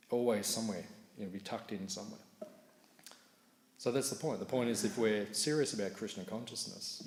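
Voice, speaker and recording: A middle-aged man leads a morning scripture class with a fairly low voice. He tells stories in a loose, chatty way and laughs at his own anecdotes. The sound is roomy, with a long hall reverb and faint room noise behind him. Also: a little mellow. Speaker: class speaker.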